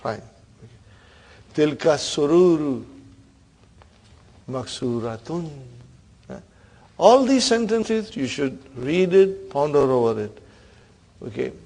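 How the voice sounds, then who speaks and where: A man's voice: on the high side, big pitch swings, slow pace, pauses often, darkish tone. A man teaching an Arabic grammar class, quizzing his students and checking in with a "huh?" between points. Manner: questioning students, frequent "huh?" and laughs.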